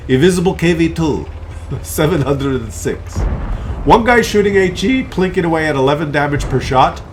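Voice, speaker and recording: A man's voice: on the high side, expressive, moderate pace, a little hiss or hum. Playful, chatty male game commentator. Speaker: gameplay commentator. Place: at home.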